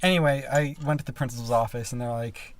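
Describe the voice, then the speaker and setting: A young man telling a self-deprecating story in a casual chat, halting and quoting others. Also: medium pitch, slight background noise.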